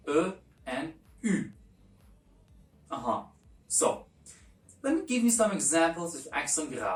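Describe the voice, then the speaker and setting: A woman teaching a language lesson, explaining slowly and repeating each example with fillers. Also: low-pitched. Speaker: French teacher. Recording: echoey room, distant mic.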